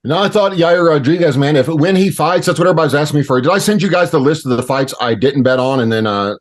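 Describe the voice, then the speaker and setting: A man co-hosting a podcast who talks in a relaxed, rambling way in casual chat. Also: fairly high pitch, fast. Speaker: podcast co-host.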